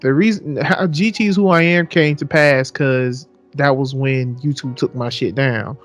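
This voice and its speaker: A man's voice: mid-range voice, unhurried. A young man co-hosting a podcast, chatting casually with a lot of rambling and "so yeah" repeats, swearing freely. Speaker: podcast co-host. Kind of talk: casual chat.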